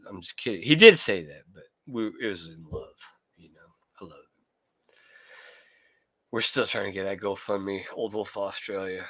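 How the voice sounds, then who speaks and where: A man talks loosely in a casual late-night livestream, joking with his chat, swearing freely and calling viewers by name. His voice sits a little low but comes across bright and forceful. The sound is dry and close, with almost no room around it. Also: moderate pace, long pauses, breathy edge, no echo. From California. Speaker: livestream host, collector.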